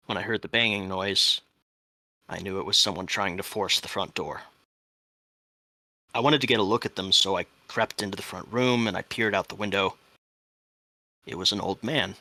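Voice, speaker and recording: Deep-voiced guy reading out a spooky first-person statement, forceful tone, dry close sound, goes hushed when it gets tense. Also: dry recording. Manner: measured, drops to hushed tones for tense moments.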